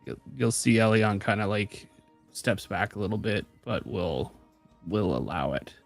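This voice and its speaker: A man's voice: on the low side, measured pace, vocal fry, faint music behind. A man playing a timid, hesitant young man. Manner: hesitant, many ums. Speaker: player.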